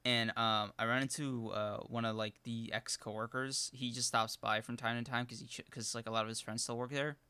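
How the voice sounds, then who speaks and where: A man's voice: mid-range voice, a little fast, few pauses, smooth, no echo. A young man co-hosting a casual live-streamed podcast, telling rambling stories full of fillers and restarts. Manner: rambling, animated storytelling with many fillers. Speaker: podcast co-host.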